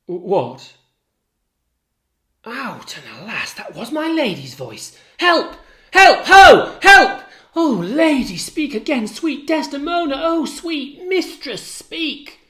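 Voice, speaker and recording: A man's voice: big pitch swings, takes it slowly, heavily acted. A man voicing a loyal, outraged maidservant in a raised voice, crying out in alarm. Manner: high, cries out in alarm. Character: loyal, outraged female servant, middle-aged. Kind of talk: dramatic reading of a play.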